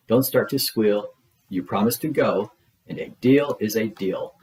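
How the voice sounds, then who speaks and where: A man's voice: lowish voice, unhurried, darkish tone, reverberant, distant mic, lightly acted, poor audio. A man voicing a bossy, tricky male bug in a storybook read-aloud, with a snappy, commanding manner.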